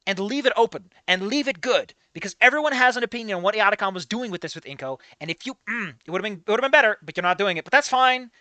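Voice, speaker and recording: A man reading a first-person fan story aloud and breaking off to critique it, moving between hushed reading and loud, excitable remarks. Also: high-pitched, fast talker, few pauses, no echo. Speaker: fan fiction reader and critic.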